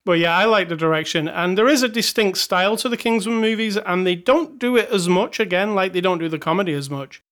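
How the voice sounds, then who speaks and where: Relaxed male co-host, chatty movie review talk, unhurried. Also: sits high. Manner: relaxed, chatty, thinking aloud. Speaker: podcast co-host. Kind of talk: casual film review chat.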